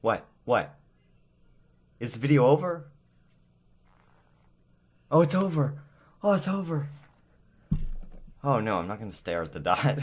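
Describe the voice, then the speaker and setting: A man's voice: medium pitch, sing-song, measured pace, long pauses. A man in his home recording setup giving casual, nervous reaction commentary, chattering to himself. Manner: jittery, nervous chatter with self-talk. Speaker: gaming vlogger.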